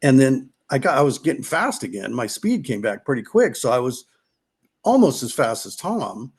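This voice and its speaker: This podcast guest is a middle-aged man from California who used to race off-road, and he's swapping motocross stories casually. His medium-pitched voice has a sing-song lilt and a breathy edge at a moderate pace. He wanders, starts sentences over, and performs other people's lines.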